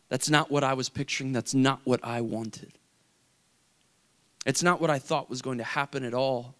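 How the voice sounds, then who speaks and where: A young adult man telling an emotional personal story in a faith talk, swinging from hushed to intense. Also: medium pitch, measured pace, pauses often. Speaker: speaker.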